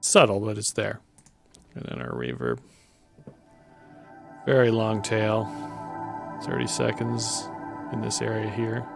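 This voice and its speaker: A man explaining his music production in a relaxed, casual way, thinking aloud with fillers and self-corrections. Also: fairly low pitch, takes it slowly, gravelly, pauses often. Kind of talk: casual screen walkthrough. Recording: music playing underneath.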